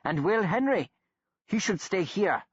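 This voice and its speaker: An earnest, insistent man pleads for caution in a lively, rising voice, as a male narrator puts him on. The tone is slightly husky. The audiobook recording is dry and muffled. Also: high voice, unhurried, no echo, voice pushed up, exaggerated voice.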